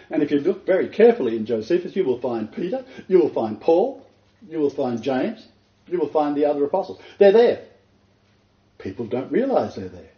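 Emphatic, laughing preacher in an echoey hall. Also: male voice, on the high side, brisk, dull audio. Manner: animated, emphatic, laughs often. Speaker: pastor. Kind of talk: sermon.

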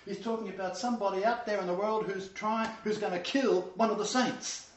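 A man's voice: high voice, fairly even intonation, brisk, slight background noise. A man, teaching a casual sermon as pastor. He is chatty and emphatic, laughs often and uses many fillers. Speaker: pastor leading a Bible study. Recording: roomy, slightly dull lo-fi recording.

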